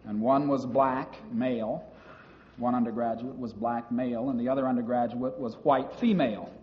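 Speaking at medium pitch in a steady tone, a man shares memories of university life before an audience, pausing to restart a few times but keeping a measured rhythm. The sound is dull and lo-fi, with the reverberation of a large hall.

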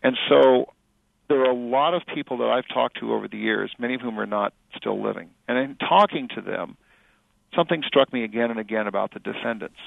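A middle-aged male author and journalist answering interview questions in a thoughtful, halting way with many fillers and restarts. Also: mid-range voice, creaky, no room sound. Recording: dry tinny phone-like radio audio.

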